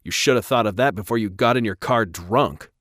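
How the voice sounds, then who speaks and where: A man's voice: lowish voice, lively intonation, moderate pace, dry recording, studio quality. A man doing a stern scolding father. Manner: scolding, firm.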